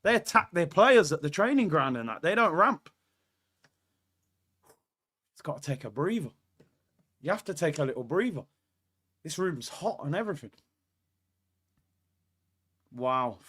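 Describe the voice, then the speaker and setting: A man hosting a live football watchalong, reacting excitedly to the play and reading out chat messages. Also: a little high, measured pace, long pauses. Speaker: watchalong host. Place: indoor room.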